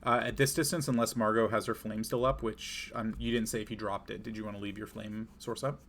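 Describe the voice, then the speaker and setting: Gravelly low-voiced male game master. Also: fairly quick. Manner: relaxed, descriptive narration with fillers. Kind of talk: narrating a tabletop game.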